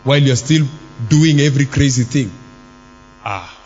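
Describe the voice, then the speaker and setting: A man preaching a sermon in church. He fires rhetorical questions at the congregation and breaks into shouts. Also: mid-range voice, normal speed, lo-fi sound. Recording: long hall reverb with faint music.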